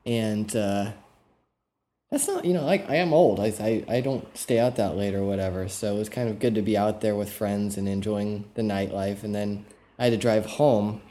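A man's voice: on the low side, normal speed, warm tone, slight background noise. A man co-hosting a podcast, telling stories in a loose, rambling way with lots of filler words. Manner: rambling, easygoing, filler-heavy storytelling. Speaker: podcast co-host. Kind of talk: casual chat.

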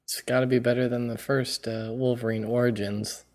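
Very deep-voiced woman reacting dryly. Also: level tone, moderate pace, a little mellow. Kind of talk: casual chat.

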